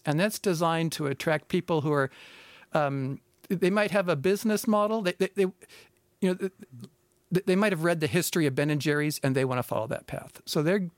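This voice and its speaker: A man's voice: fairly high pitch, dry recording. A middle-aged man, a food science professor, answering callers on a radio show with many restarts and fillers.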